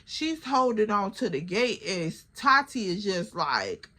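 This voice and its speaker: A young woman with a Chicago accent telling a story in a chatty, animated way to her viewers. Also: medium pitch, slow. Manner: animated, chatty, addresses the listener as girl. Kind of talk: casual storytime vlog.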